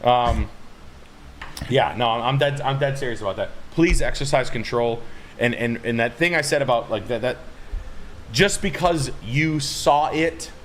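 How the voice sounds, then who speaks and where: A man hosting a livestream, ranting loudly and emphatically with lots of swearing. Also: mid-range voice, unhurried, a little hiss or hum. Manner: loud, swearing, emphatic, rambling. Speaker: streamer host. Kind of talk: profane livestream rant.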